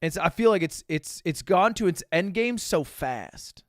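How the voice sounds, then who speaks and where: A young man streams and reacts to clips in loose, rambling talk full of swearing. His pitch sits a little high and swings widely, and the sound is very dry, with no room echo. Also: moderate pace, faint music behind. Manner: animated, rambling, swears a lot. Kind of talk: casual reaction commentary.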